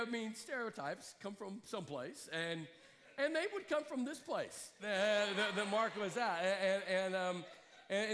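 A man's voice: high voice, a bit bright, in a large hall, a little hiss or hum. A man from Alabama, telling a rambling story in a sermon with many restarts.

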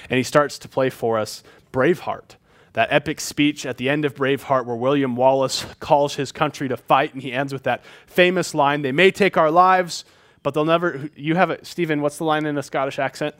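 A man preaching a sermon in a conversational, emphatic way, with frequent filler words. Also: mid-range voice. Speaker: pastor.

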